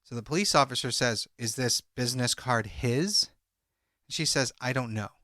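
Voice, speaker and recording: A man's voice: mid-range voice, normal speed, bright, forceful tone, no echo, studio quality. A man co-hosting a true crime podcast, recounting a call transcript and reading out each speaker's lines. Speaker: podcast co-host.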